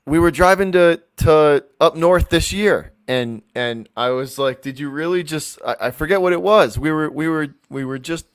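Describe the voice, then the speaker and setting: A man co-hosting a casual trivia stream from home, talking with his girlfriend in a halting way, restarting his sentences often. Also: fairly high pitch, smooth. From Boston area. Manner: halting, restarts a lot while recalling. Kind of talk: casual chat.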